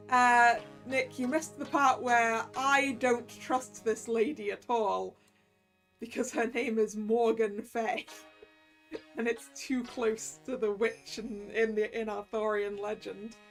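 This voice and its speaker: A woman's voice: fairly high pitch, fairly even intonation, slow, faint music behind. A woman streamer chatting casually and giggling while playing a visual-novel game. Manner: chatty, giggly, muses aloud.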